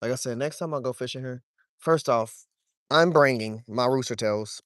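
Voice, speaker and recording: A young man, talking to his chat while wading and fishing, swearing freely and getting excited over a fish. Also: medium pitch, normal speed, no echo, clean studio sound. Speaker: fishing vlogger. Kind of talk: casual vlog narration while wading. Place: outdoors, wading in a shallow creek.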